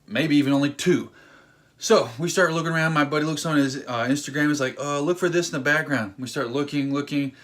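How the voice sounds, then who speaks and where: A man vlogging a casual story in an excitable, rambling way, acting out what people said. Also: fairly high pitch, brisk. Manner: excitable, rambling, acts out quotes.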